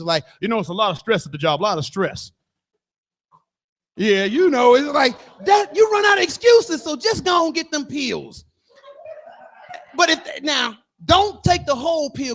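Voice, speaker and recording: A man in his fifties performing live stand-up comedy in a bar, loud and animated, acting out characters as he goes. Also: extremely high pitch. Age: 50s. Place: bar stage.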